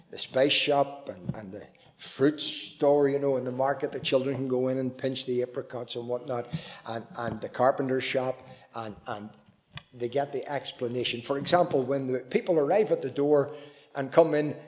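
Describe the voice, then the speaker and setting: A man with a Northern Irish accent, an evangelist telling a church audience a lively story and preaching as he goes, acting out voices along the way. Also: medium pitch. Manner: animated, acts out voices in his stories.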